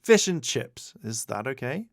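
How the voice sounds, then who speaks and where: A man putting on a bright teenage girl. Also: medium pitch, sing-song, measured pace, no room sound, clean studio sound. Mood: cheerful.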